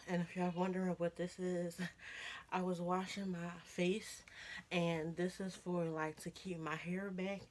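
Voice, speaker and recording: A young woman talking casually to camera in a vlog, pausing often and getting choked up. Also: fairly low pitch, slight background noise. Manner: informal, pausing, soft laughs. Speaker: vlogger.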